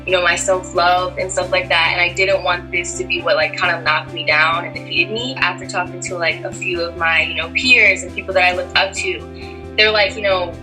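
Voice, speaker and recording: A woman's voice: on the low side, fairly even intonation, normal speed, poor audio. A young adult woman in a casual storytelling interview, talking in a chatty way full of "like" and "you know". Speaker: actress interviewee. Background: music.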